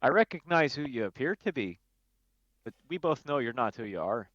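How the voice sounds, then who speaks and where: A hard-bitten rogue, as a man puts him on speaks in short, stern threats. His voice sits higher and louder than the player's own. It sounds dull and dry, as if from a lo-fi mic. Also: sing-song, moderate pace, no room sound, natural voice. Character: tough hardened male rogue.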